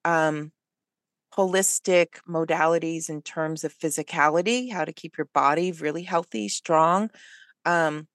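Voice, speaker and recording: Lively woman guest telling a story, dry close sound. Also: deep voice, unhurried, no echo. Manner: animated, lively storyteller who acts out what people said; hesitant, with many fillers and restarts. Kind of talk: personal storytelling in conversation.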